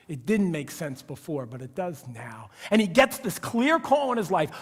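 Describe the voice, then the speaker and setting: A man preaching a sermon in a conversational, storytelling way, swinging from hushed, quiet lines to loud, excited ones as he acts out voices. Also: fairly high pitch, moderate pace, few pauses, slightly rough, long reverb tail. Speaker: pastor. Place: church sanctuary.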